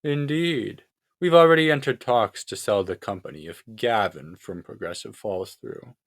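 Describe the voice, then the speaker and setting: A man's voice: fairly low pitch, moderate pace, a bit bright, no echo, clean studio sound. A man voicing a guarded, slightly annoyed female company chief in a read-aloud story. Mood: measured.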